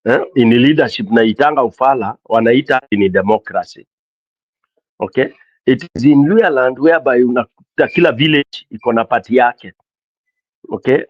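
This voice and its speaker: A man with a Kenyan accent hosting a casual call-in talk show, animated and mixing English with Swahili. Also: mid-range voice, no room sound, dull audio. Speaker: host of a call-in political show. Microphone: streaming mic.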